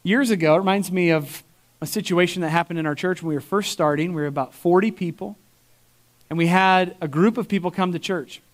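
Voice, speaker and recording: A man preaching a sermon as pastor, telling stories with lively emphasis, repeating words and restarting phrases as he goes. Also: a little fast. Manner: animated storytelling, voice jumps high for emphasis.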